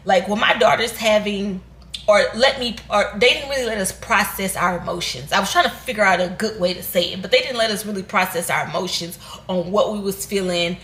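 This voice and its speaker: A woman's voice: mid-range voice, a little fast, fairly bright tone. Earnest woman in an echoey room. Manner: candid and rambling, with restarts and Southern US American slang. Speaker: vlogger. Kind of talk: sit-down reflective talk.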